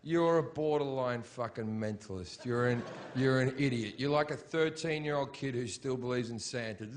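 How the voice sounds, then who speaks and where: A man's voice: mid-range voice, moderate pace, hardly any pauses, background noise. A middle-aged man doing a stand-up comedy routine on stage, blunt, profane and mocking. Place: comedy stage before a live audience.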